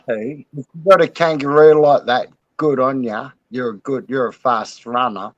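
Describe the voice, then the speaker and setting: A man telling an old joke in a slow, drawling way. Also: mid-range voice, no room sound, lo-fi sound.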